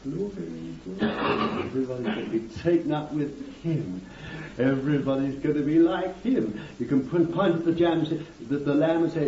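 A man's voice: on the high side, a little slow, few pauses, mellow. A man preaching a fervent sermon, calling his listeners beloved and breaking in with amen and hallelujah. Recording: dull distant recording in a roomy hall.

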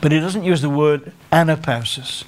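Conversational preacher with a Staffordshire accent. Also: male voice, a little high. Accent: English, North Staffordshire. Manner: conversational, self-deprecating, with halting restarts. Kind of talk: sermon.

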